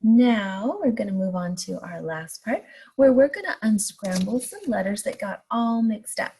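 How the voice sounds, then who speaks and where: A woman teaching young children a phonics lesson, stretching out letter sounds in a slow sing-song way. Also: medium pitch, lively intonation, warm tone, husky. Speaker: kindergarten teacher. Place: home recording for distance learning.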